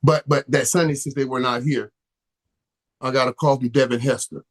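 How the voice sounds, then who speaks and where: A man's voice: medium pitch, fairly even intonation, moderate pace, breathy edge. A middle-aged man hosts a live stream in a loose, conversational way. He stumbles over his words and doubles back on them, and he grows passionate and heated as he goes. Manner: stammering, repeats words, gets emotional and heated. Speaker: host. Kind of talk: casual live-stream talk.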